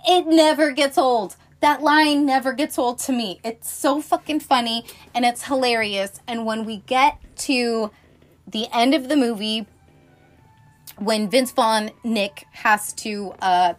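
A woman's voice: on the high side, slow pace, faint music behind. A woman chatting casually about movies, talking in a loose, swearing, filler-heavy way with lots of asides. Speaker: film podcaster. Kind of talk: casual film review chat.

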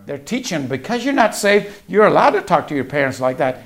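Gravelly preacher telling a family story. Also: male voice, fairly high pitch, very animated, brisk. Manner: storytelling, acts out family dialogue. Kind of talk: sermon.

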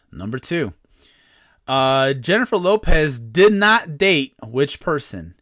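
A man's voice: fairly high pitch, very animated, takes it slowly, a bit bright, dry recording, clean studio sound. A man hosting a comedy podcast, reading quiz questions in a playful, mock-serious way. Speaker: podcast host.

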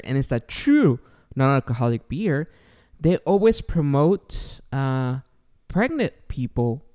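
A man's voice: medium pitch, smooth. A man in his thirties with a Guatemalan accent, hosting a casual podcast chat and acting out voices as he tells stories. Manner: animated, acts out voices in anecdotes. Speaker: podcast host.

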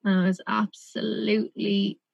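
A woman's voice: medium pitch, flat delivery, moderate pace, vocal fry, slightly rough, dry recording, muffled recording. A woman, telling stories in a casual chat and swearing freely. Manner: chatty, sweary, lots of "like".

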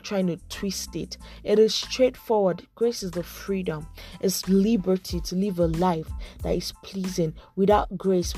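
Young woman, mellow low voice, casual faith chat, soft music behind. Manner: earnest, conversational, lots of "like" fillers. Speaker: Christian vlogger giving advice. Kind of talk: casual faith talk to camera.

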